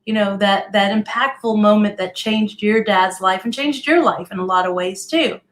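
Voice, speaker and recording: A woman's voice: mid-range voice, normal speed. Woman podcast host, enthusiastic, affirming, leans on tag questions. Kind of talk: casual interview chat.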